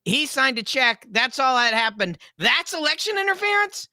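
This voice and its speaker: A man's voice: very high voice, big pitch swings, normal speed, pushed and bright, dry recording, clean studio sound, heavily acted. Man voicing a sarcastic male puppet pundit. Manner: sarcastic, opinionated. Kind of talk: political commentary banter.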